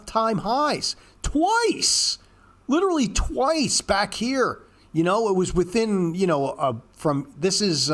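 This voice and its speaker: Fairly high-voiced guy going over market charts, swears a lot, blunt and ranty. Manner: blunt, profane, ranting; mocks panicked traders in a high squeaky voice. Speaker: market commentator. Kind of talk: casual chart commentary.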